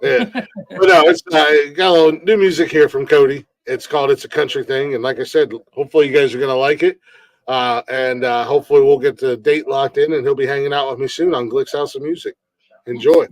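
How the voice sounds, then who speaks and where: A man's voice: medium pitch, a little fast, dry recording, low-quality recording. A man hosting a casual comedy news stream. He swears freely and rambles with lots of fillers. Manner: profane, rambling with many fillers. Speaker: podcast host. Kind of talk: casual livestream chat. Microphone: desk mic on a live stream.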